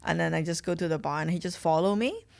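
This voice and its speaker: A woman with a Chinese accent and a lowish pitch tells stories animatedly on a podcast. Her voice is dry and close to the microphone, and she breaks into laughs often. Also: fast, creaky, a little mellow, dry recording. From China. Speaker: comedian guest. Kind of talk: casual podcast chat.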